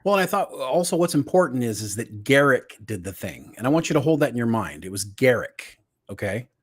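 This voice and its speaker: A man's voice: mid-range voice, sing-song, brisk, husky. A man co-hosting a casual pop culture podcast, walking through an episode step by step with frequent restarts. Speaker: podcast co-host.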